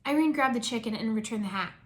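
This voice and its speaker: A woman reading a fan fiction story aloud in a lively storytelling manner. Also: on the high side, quick pace.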